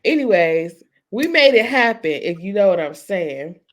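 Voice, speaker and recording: Mom on a podcast, laughs a lot, tells stories all animated. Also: female voice, mid-range voice, unhurried. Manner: animated storytelling, laughs often. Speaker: podcast co-host. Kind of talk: casual chat.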